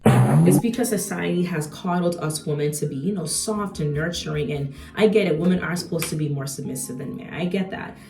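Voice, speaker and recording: A woman's voice: deep voice, a little fast, gravelly, roomy sound, far from the mic, music in the background. A young adult woman talking casually while she does her makeup, chatty and slangy with lots of rhetorical asides. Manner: slangy and animated. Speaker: beauty vlogger.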